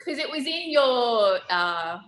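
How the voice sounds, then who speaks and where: A young woman, telling a lively, laughing anecdote over a video call. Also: on the high side, slow pace, slight background noise, low-quality recording. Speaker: storyteller guest on a video call.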